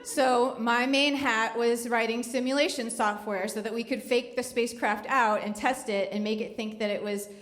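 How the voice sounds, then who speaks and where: A woman's voice: fairly high pitch, fairly even intonation, normal speed, few pauses, fairly bright tone. A middle-aged woman telling a true story on stage to a live audience, in a wry, conversational, joking way. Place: live venue before an audience. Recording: echoey live hall.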